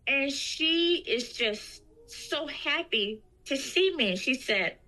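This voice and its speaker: A woman tells her own story in a slow, unhurried way. Her voice is bright and fairly high, and she leans into the lines she quotes. A little music plays faintly behind her. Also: poor audio. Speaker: guest. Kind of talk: telling a personal story.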